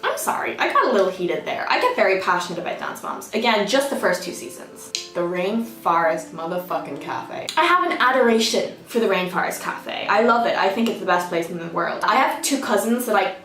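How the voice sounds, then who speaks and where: A woman's voice: mid-range voice, big pitch swings, fairly quick, few pauses, fairly bright tone, reverberant, distant mic. A woman, telling stories in a casual, self-mocking vlog and jumping to sudden squeals. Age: 20s. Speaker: vlogger.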